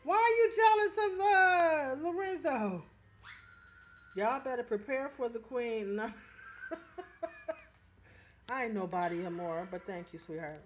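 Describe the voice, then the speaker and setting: A chatty middle-aged woman hosts a casual livestream, reading viewer comments aloud and answering them directly. Her voice sits a little high for a woman, and faint music plays in the background. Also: animated, unhurried, long pauses. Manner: chatty, laughing, talks straight to viewers. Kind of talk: casual live chat.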